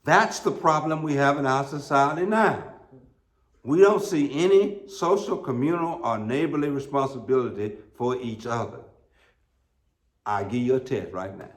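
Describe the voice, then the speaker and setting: A middle-aged American man preaches a sermon as pastor in a church sanctuary, telling folksy, humorous stories that rise to emphatic peaks. His voice is medium-pitched at a normal speed, and the recording has a roomy church sound.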